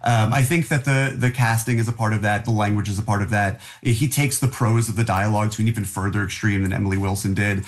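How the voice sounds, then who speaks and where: A man discussing a film in a relaxed podcast chat, thinking aloud with sudden jumps in pitch on key words. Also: fast, few pauses. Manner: thoughtful, many fillers and restarts, jumps up in pitch on key words. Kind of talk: casual discussion.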